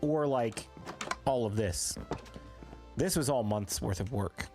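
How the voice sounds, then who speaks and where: A man's voice: medium pitch, slow pace, darkish tone, faint music behind. A man streaming a game live, chatting casually and answering viewers as he plays. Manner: chatty, reads chat aloud and answers viewers. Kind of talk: live gameplay stream chat.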